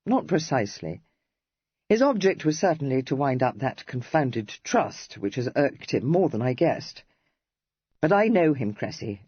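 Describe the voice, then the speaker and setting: A narrator voicing Kit, an earnest, troubled young Regency gentleman, with a grave, wry and gently affectionate manner. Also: medium pitch, husky, no echo, muffled recording. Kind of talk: audiobook character reading.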